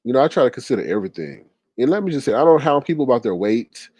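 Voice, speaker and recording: Animated gossipy man with a lively voice. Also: medium pitch, rapid-fire, breathy edge, no echo. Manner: animated, gossipy, frequent laughs and exclamations. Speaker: livestream host reading chat. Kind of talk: casual livestream commentary.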